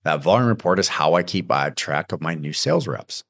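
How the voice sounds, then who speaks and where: A man's voice: low-pitched, lively intonation, brisk, fairly bright tone, no room sound, clean studio sound. A man hosting a podcast, coaching listeners on hiring and training sales reps in an emphatic, direct way. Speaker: podcast host. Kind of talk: casual business advice monologue.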